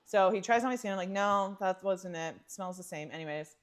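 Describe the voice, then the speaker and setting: A woman co-hosting a podcast, telling travel stories in casual chat, animated and laughing often. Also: medium pitch, fairly quick. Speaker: podcast co-host.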